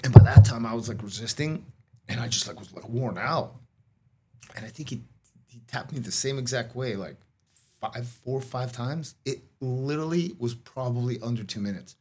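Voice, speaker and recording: There's slight background noise as a middle-aged male guest, his medium-pitched voice dark in tone, tells stories at a moderate pace. His casual chat rambles with many "like"s and "you know"s and restarts, and he coughs occasionally.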